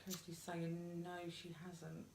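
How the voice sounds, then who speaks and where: A woman co-hosting a live stream, briskly relaying bookings and viewer comments. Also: fairly low pitch, monotone, creaky, darkish tone. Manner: brisk, practical, relaying messages. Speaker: co-host reading viewer comments. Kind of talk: casual live-stream chat. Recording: echoey room with faint noise.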